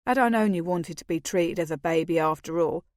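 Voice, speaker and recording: A woman's voice: on the low side, brisk, no room sound, clean studio sound, close to an everyday voice. A woman narrating an audiobook, voicing a joking, easygoing young male palace guardsman who teases his friends. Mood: mocking. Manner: teasing, croaks a mock rustic accent at times. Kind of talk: audiobook character reading.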